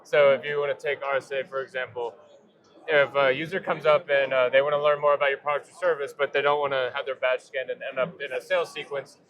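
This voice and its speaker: A man speaking as a startup founder being interviewed at a convention, relaxed and rambling, with many fillers and restarts. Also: medium pitch, fast talker, muffled recording. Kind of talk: casual trade-show interview. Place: busy convention floor.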